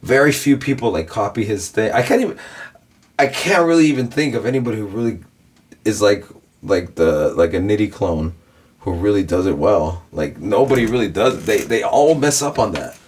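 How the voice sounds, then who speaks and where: A man's voice: fairly low pitch, animated, moderate pace, a little mellow. A young man hosting a reaction video, breaking down rap wordplay in a rambling, casual way full of "like" and "bro". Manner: rambling, repeats himself, says "bro" and "like" a lot. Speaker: reaction channel host.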